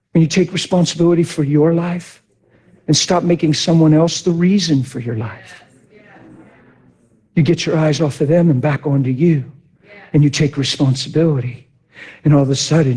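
A man preaching a testimony in animated storytelling, swinging from shouts to hushed near-whispers. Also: a little high, breathy edge. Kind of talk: sermon testimony.

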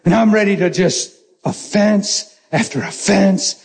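A man preaching a sermon as a pastor, telling stories in a lively way with jokes and laughter. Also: high voice, unhurried, vocal fry, a little hiss or hum. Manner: animated storytelling, joking and laughing.

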